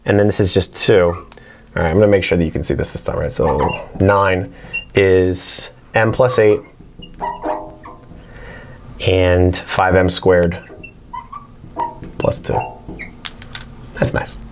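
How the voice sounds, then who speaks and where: A man's voice: low-pitched, fairly even intonation, slow, long pauses, background noise. A man teaching a casual whiteboard math lesson, chatting as he works through problems. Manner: chatty, talks to his barking dog between problems.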